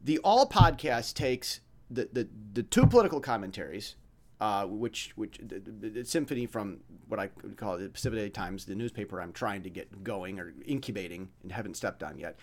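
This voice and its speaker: A man's voice: on the low side, animated, moderate pace. A man hosting a podcast, talking in a rambling, blunt monologue full of stammers and restarts. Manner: mimics dramatic voices when illustrating points. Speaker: podcast host.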